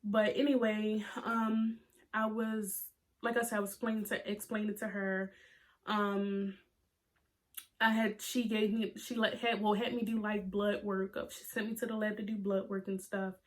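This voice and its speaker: A young woman in her twenties telling a personal story to her camera, halting and emotional as she holds back tears. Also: medium pitch, flat delivery. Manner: halting, many fillers and restarts. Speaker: vlogger.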